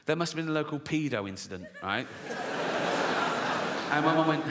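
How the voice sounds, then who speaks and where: A man's voice: fairly high pitch, expressive, brisk, pauses often, sharp tone, a little hiss or hum. A middle-aged man doing stand-up comedy, telling stories in a brash, swearing manner and acting out his mum's voice, on a big theatre stage. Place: large theatre stage with a live audience. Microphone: stage microphone. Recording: live hall recording with long reverb.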